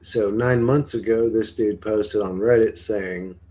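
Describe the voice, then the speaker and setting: Husky-voiced man rambling on a stream. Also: lowish voice, fairly even intonation, measured pace, dark tone. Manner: rambling, profane, questioning. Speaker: livestreamer. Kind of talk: casual livestream chat answering viewers.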